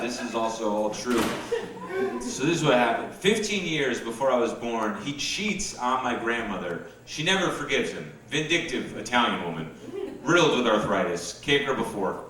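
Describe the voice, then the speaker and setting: Male stand-up comic taped from afar. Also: medium pitch. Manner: conversational storytelling with deadpan punchlines. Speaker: stand-up comedian. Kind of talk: stand-up comedy set. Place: comedy venue with a live audience. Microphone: camcorder recording from the back of the room. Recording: echoey room taped from far off on an old camcorder, with hiss.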